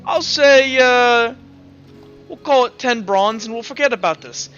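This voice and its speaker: A man voicing a pushy male dock guard who shakes down travelers, speaking loudly and demanding. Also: very high voice, measured pace, lo-fi sound, faint music behind, pitched above the performer's own voice. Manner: loud, demanding.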